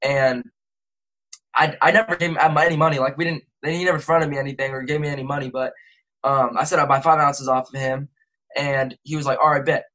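A man's voice: mid-range voice, level tone, fairly quick, pushed and bright, low-quality recording. A young man, a rapper and interview guest, telling a rambling casual story full of slang and self-corrections. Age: young adult.

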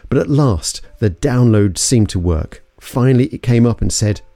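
A man's voice: medium pitch, lively intonation, moderate pace, mellow, no echo. A man from London narrating an investigative story in a suspenseful, scripted way. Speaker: podcast narrator.

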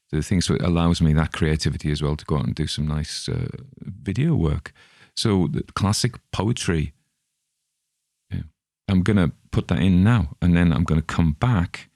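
A middle-aged man with an extremely deep voice, talking to his listeners in a loose, rambling way. He chats casually and often restarts his sentences. The sound is dry and close. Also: darkish tone, no room sound. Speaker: podcast host. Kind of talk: casual chat.

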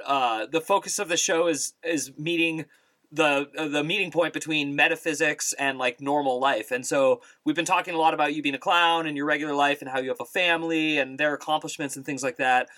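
A man hosting an interview, asking relaxed questions with hesitant fillers. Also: fairly high pitch, fairly quick, no room sound. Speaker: podcast host.

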